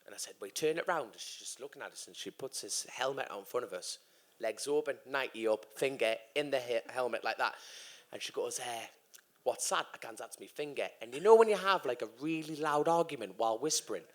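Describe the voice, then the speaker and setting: A man's voice: medium pitch, lively intonation, a little fast. Man, 30s, live stage storytelling, swears a lot, acts out voices. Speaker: guest motorcycle racer. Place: stage at a live podcast event.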